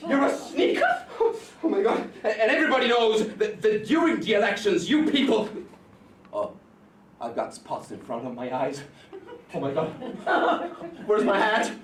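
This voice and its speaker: A man playing a touchy hypochondriac young landowner in a stage play, excitable and complaining of pains. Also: high voice, moderate pace. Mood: agitated. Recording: roomy, distant mic with faint noise.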